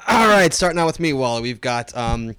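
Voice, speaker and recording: A man hosting a casual podcast, laughing often and reading out listings slowly. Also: medium pitch, animated, fairly bright tone, a little hiss or hum. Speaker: podcast host.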